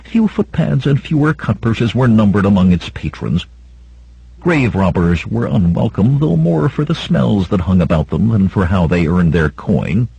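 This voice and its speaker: A man's voice: lowish voice, animated, moderate pace, creaky, husky, no echo, lo-fi sound. A man narrating an audiobook in a dramatic reading style. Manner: dramatic, voices shouts of characters. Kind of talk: scripted narration.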